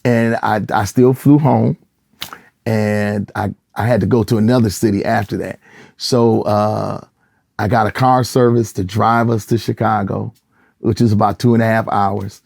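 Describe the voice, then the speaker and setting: Speaking a little slowly in a fairly low, gravelly voice, a middle-aged Michigan pastor and gospel singer tells stories in a relaxed interview. He gets animated, playing out the people he quotes. The sound is close and dry, with no room sound.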